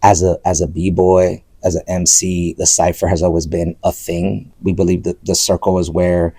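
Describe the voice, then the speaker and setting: A man in his forties talks about his work in a casual interview, his voice very low and dark with a gravelly edge. He tells stories in an animated, rambling way, full of restarts and fillers. The sound is dry and close. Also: moderate pace, no echo. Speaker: playwright and performer.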